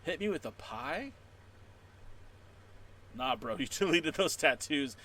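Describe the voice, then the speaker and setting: A man's voice: a little high, measured pace, pauses often. Playful man hosting a livestream chat. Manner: playful and jokey, with sudden loud excited bursts. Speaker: wrestling podcaster and blogger. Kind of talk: livestream chat, reading out viewer comments.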